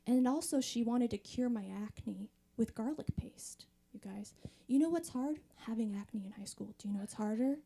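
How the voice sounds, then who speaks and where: A woman's voice: on the high side, normal speed, few pauses, dark tone, slight background noise. A woman in her thirties doing a chatty, wry stand-up set on a comedy club stage. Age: 30s. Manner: conversational, wry, chatty with the audience.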